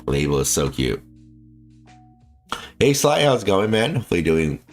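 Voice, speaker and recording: Man, extremely low bassy voice, lively swings in pitch, rambling streamer chat, faint game music behind. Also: measured pace. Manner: rambling, filler-heavy, restarts often, laughs easily. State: feels like coughing. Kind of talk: casual live-stream chat while gaming.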